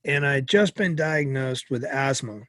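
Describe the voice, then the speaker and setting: A man's voice: mid-range voice, moderate pace, dry recording, clean studio sound. A middle-aged man from Massachusetts telling a vivid personal story as an interview guest. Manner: vivid, anecdotal, expressive.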